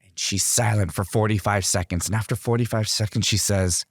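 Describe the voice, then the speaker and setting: A man's voice: lowish voice, fairly even intonation, a little fast, breathy edge, dry recording, studio quality. A man as a guest in an interview, telling his stories earnestly. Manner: earnest storyteller. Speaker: guest artist. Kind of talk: interview conversation.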